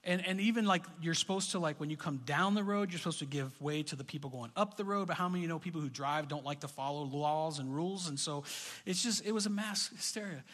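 Middle-aged male pastor, fairly high voice, chatty storytelling sermon, long echo of a church hall. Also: quick pace. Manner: conversational, storytelling, rising to animated bursts.

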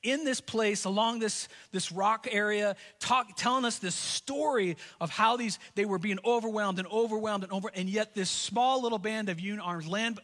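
A middle-aged man preaching a sermon as a pastor, earnest and animated, often stumbling and repeating words as he tells personal stories. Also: high-pitched. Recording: long reverb of a large hall.

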